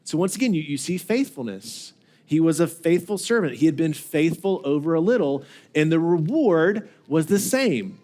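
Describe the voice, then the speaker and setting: High-voiced man preaching conversationally. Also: big pitch swings, moderate pace, dark tone. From United States. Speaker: pastor. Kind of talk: sermon. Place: church sanctuary.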